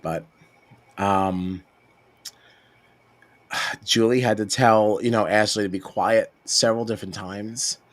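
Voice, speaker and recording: A man co-hosting a casual podcast chat in a relaxed, wry way. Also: fairly low pitch, slow, pauses often. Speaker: podcast co-host.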